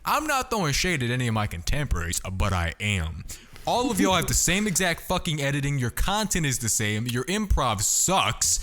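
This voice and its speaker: A man's voice: mid-range voice, wildly swooping pitch, fairly quick, fairly bright tone. A young man talking casually as a podcast guest, brash, boastful and full of swearing. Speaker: podcast guest, content creator.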